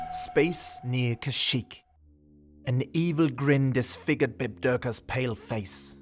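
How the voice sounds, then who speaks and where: A man reading the narration of a fan-made science-fiction audio drama with measured, dramatic delivery. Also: mid-range voice.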